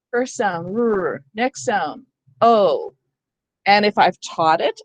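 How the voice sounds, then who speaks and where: A woman with a medium-pitched voice runs an online training session for teachers, with no room sound. She explains things step by step and checks that listeners are following, asking "That makes sense?"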